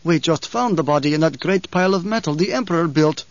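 Hushed, reverent desert chieftain, voiced by a man; slightly raised pitch, muffled dry read. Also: lively intonation, quick pace, no echo. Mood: solemn. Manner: hushed, solemn. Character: stern bearded male desert chieftain, reverent.

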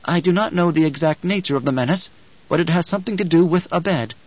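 A man reads the urgent words of a secret informant, his pitch lifted slightly. The warning comes in haste. The audiobook sound is dull and lo-fi. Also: fast talker, close to an everyday voice.

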